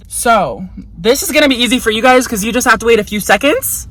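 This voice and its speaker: High, bright young woman's storytime ramble. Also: fairly quick, dry recording, rough recording. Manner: chatty and frank, heavy swearing and lots of "like" fillers; slips into quoted voices while retelling. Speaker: vlogger. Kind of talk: casual storytime.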